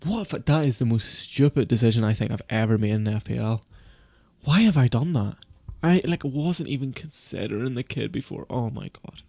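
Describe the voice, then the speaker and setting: A man on a casual live stream, panicking and berating himself in a fast-swinging, swearing ramble. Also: medium pitch, gravelly, mellow, no echo. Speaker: fantasy football streamer.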